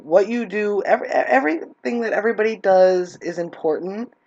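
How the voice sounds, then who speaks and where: A woman's voice: medium pitch, brisk, a little mellow, muffled recording. A woman with a New York accent hosts a video-call interview, encouraging her guest and laughing often. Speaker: interview host, advocacy founder. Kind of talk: casual interview chat.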